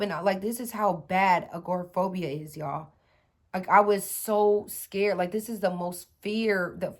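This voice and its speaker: A woman in her thirties telling a personal story to her viewers in a casual, chatty way, with many fillers and restarts. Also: mid-range voice.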